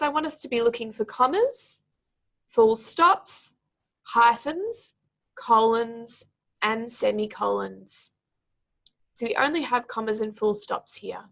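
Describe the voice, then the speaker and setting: A woman tutoring for a speaking exam, who slows down to stretch out words syllable by syllable when she models their pronunciation. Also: fairly high pitch, creaky, fairly bright tone.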